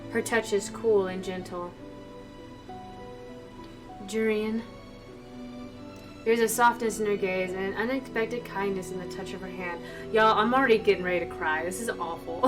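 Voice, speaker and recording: A woman streamer with a mid-range voice reads a visual novel aloud, often breaking off for emotional, chatty asides to her viewers. Her mic is distant, with faint music playing behind her.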